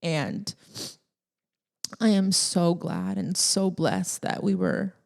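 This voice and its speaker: A woman's voice: fairly low pitch, big pitch swings, slow pace, gravelly. A young woman hosting a solo podcast in a casual, rambling, emotional way, laughing often and tearing up at times. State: tearful at times. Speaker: podcast host.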